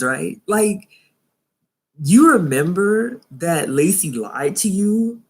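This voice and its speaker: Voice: medium pitch, expressive, slow pace. A young adult vlogger giving a live, casual review of a TV show, chatting and laughing often, with incredulous asides.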